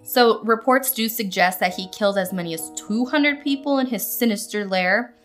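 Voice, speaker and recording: A woman's voice: medium pitch, normal speed, a bit bright, faint music behind. A woman co-hosting a podcast, chatting casually and reading notes, with a giggly, chatty manner and a lot of "like". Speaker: podcast co-host.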